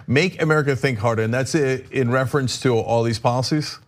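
A male host asking interview questions in a playful way, quick to laugh. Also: medium pitch, crowd noise.

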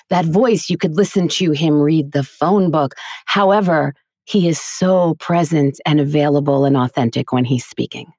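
A woman's voice: lowish voice, darkish tone, no room sound, studio quality. A woman who teaches voiceover acting, talking earnestly and emphatically in a casual podcast interview.

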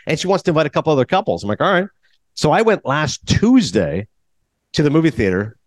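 A Canadian man in his forties hosting a podcast, chatting casually and telling an animated story where he acts out his own asides. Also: fairly high pitch, fast talker, no echo, studio quality. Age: 40s. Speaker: podcast host. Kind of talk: casual chat.

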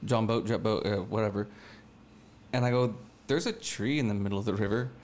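A young man telling a fishing story in casual chat, animated and slangy, acting out the voices of the people in it. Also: lowish voice, a little fast, slight background noise. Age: young adult.

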